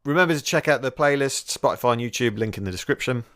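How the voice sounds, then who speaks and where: A man co-hosting a pop chart podcast, sharing chart trivia with dry, deadpan jokes. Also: medium pitch, quick pace, dry recording. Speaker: podcast co-host. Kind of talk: casual chat about pop charts.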